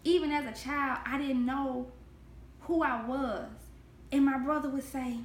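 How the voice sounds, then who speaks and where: A woman with a high voice delivers a spoken Christian devotional straight to the viewer. She talks in an earnest, heartfelt way and leans on repeated phrases for emphasis. The sound carries a noticeable room echo. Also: steady tone, unhurried, a little hiss or hum. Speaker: devotional host. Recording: echoey room.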